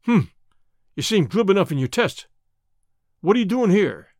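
A man voicing a gruff menacing gang boss. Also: high voice, big pitch swings, normal speed, a little mellow, dry recording, studio quality, voice pushed up, exaggerated voice. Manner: blunt, threatening questions.

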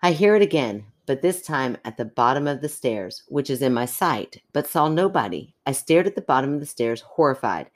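A woman's voice: a bass voice, big pitch swings, fairly quick, few pauses. A woman co-hosting a chatty podcast, reading a spooky listener story with drama and laughing often. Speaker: podcast co-host, the skeptic. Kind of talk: casual chat, reading a listener story aloud.

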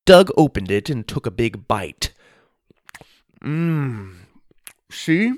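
A man reading a children's story aloud as narrator, in an expressive storytelling manner. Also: medium pitch, moderate pace, no echo, studio quality.

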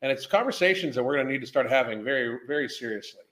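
A man's voice: medium pitch, expressive, rapid-fire, fairly bright tone. A man hosting a casual livestream as a health coach, rambling, swearing and greeting viewers by name.

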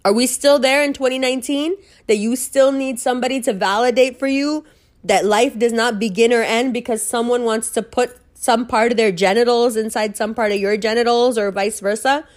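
A woman telling a story in a casual monologue, blunt and animated, swearing freely and laughing often. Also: fairly high pitch, moderate pace.

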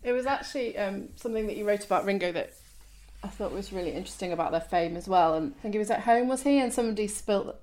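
A woman's voice: medium pitch, quick pace, a little mellow. A woman interviewing an author, asking loosely worded, conversational questions.

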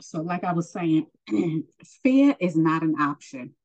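A woman's voice: deep voice, animated, slow, a little mellow, dull audio. A woman preaching informally and earnestly, encouraging the listener and addressing them as honey, emotional and close to tears. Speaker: spiritual teacher.

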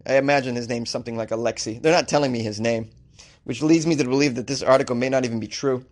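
A man's voice: medium pitch, fairly even intonation, fast, darkish tone. A man from Massachusetts hosting a comedy show, riffing sarcastically on strange news stories and laughing at his own jokes.

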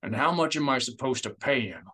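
A man's voice: mid-range voice, animated, fairly quick, pushed and bright, breathy edge. A man voicing a stern male senator who turns grieving and desperate, with clipped, urgent pleading in an audiobook. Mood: sour. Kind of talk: audiobook character voice.

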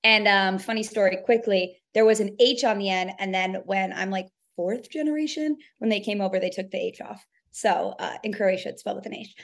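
A young woman from New York, a radio producer and host, telling stories in a chatty podcast interview. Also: mid-range voice. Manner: chatty, storytelling with lots of "like".

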